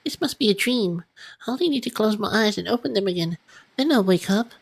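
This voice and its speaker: A woman voicing a flustered, jumpy young female principal in a high, squeaky voice while reading game dialogue aloud. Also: animated, a little fast, gravelly, slightly rough. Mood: bewildered.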